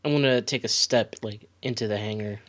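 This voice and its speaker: A man playing a tabletop role-playing game, relaxed as he says what his character does. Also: lowish voice, brisk. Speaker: player. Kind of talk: casual tabletop play.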